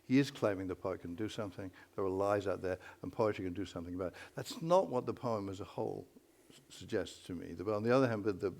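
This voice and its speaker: A man moderating a literary panel, thinking aloud and animated as he talks through a poem. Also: on the low side. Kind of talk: panel discussion.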